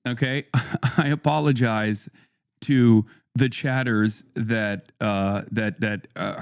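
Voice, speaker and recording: A man's voice: medium pitch, darkish tone, smooth, dry recording, studio quality. A man streaming live and talking casually to his chat, profane and conversational, reading viewer comments aloud and arguing back. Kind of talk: casual livestream talk to chat.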